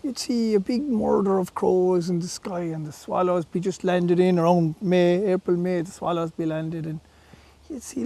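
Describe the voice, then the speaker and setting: An Irish man telling a folk tale with lilting, animated delivery and hushed asides. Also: high-pitched, creaky, no room sound. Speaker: storyteller. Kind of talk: folk storytelling.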